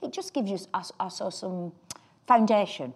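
An actress guest with a Northern English accent chats in a relaxed interview, telling rambling anecdotes about her roles and trailing off mid-sentence. Her mid-range voice is darkish with a breathy edge, at a moderate pace.

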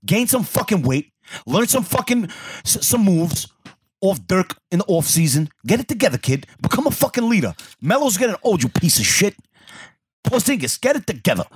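A man co-hosting a podcast in casual chat, loud and profane, slipping Spanish slang into his talk. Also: high-pitched, sing-song, moderate pace, breathy edge. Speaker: podcast co-host.

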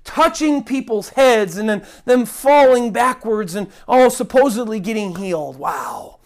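A woman's voice: fairly high pitch, lively intonation, unhurried. Indignant woman giving a Bible teaching. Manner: indignant, emphatic, repeats words for stress. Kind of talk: earnest online Bible teaching.

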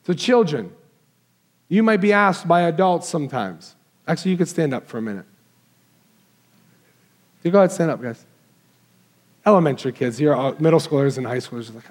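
A man's voice: high voice, lively intonation, moderate pace, long pauses. A man preaching a Christmas sermon, talking with the children in the congregation and asking them questions. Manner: warm, conversational preaching, walks into the crowd asking kids questions. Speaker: pastor.

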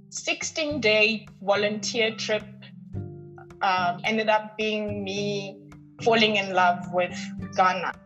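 A woman from North West, South Africa, appears as a podcast guest and shares a personal story with deep feeling and emphasis, repeating words to drive them home. Her voice is fairly high, and the recording sounds muffled.

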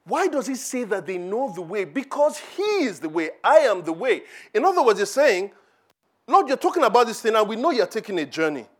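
Guy preaching in church, high voice that swings all over, lots of questions to the crowd. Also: a little fast. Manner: animated preaching, acting out quoted voices, rhetorical questions. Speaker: pastor. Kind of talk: sermon.

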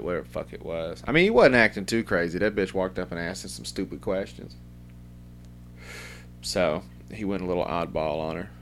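A man's voice: deep voice, fairly bright tone, a little hiss or hum. A middle-aged man hosting a podcast, rambling in a loose, profane, casual way. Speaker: podcast host.

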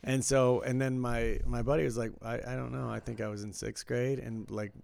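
A man around fifty telling stories in a relaxed, conversational way during a casual chat. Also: mid-range voice, normal speed, gravelly.

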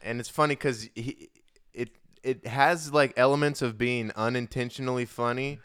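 A man co-hosting a podcast in casual, animated chat, swearing and laughing easily. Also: medium pitch, normal speed, clear, resonant tone, no echo, clean studio sound. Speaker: podcast co-host.

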